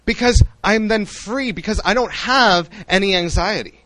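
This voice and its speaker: A young man preaching a sermon in an animated way, acting out the voices he quotes. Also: high voice, normal speed, no room sound, poor audio.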